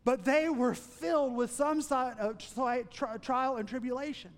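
A man preaching a sermon as pastor, earnest, building into emphatic lists and dropping to hushed asides. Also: extremely high pitch, steady tone, a little slow. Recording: long church reverb.

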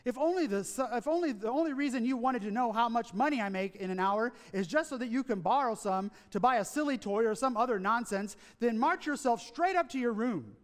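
Tired, snappish working father, read by a man, high voice with a long echo. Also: lively intonation, moderate pace. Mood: irritated. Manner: snappish and gruff.

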